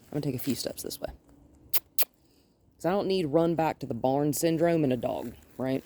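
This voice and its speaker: A woman dog trainer giving an outdoor training demonstration, calmly coaxing and praising a dog while plainly explaining each step. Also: sits low, brisk. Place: outdoors by her front yard and gate.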